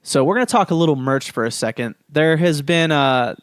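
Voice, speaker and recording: A man's voice: fairly high pitch, expressive, brisk, dry recording, studio quality. A man co-hosting a casual podcast chat, steering the topics in a laid-back, matter-of-fact way. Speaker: podcast co-host.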